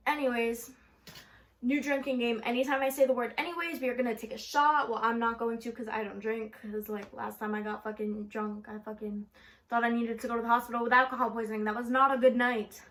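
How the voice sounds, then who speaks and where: A young woman talks straight into her phone camera in a loose storytime vlog. Her voice sits high, and she rambles, swears freely and fills every gap with "like". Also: fairly even intonation, fairly quick, fairly bright tone. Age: young adult. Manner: chatty, profane, rambling with frequent "like". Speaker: vlogger.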